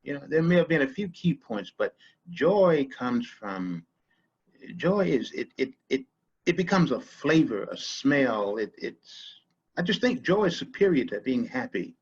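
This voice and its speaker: Male podcast guest, husky voice, thoughtful and halting, muffled lo-fi audio. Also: mid-range voice, big pitch swings. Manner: halting, repeats words, reflective. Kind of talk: casual conversation.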